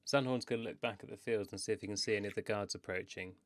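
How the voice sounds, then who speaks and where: A man playing a tabletop game over a voice call, animated and quick to laugh. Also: lowish voice, dry recording, clean studio sound. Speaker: player.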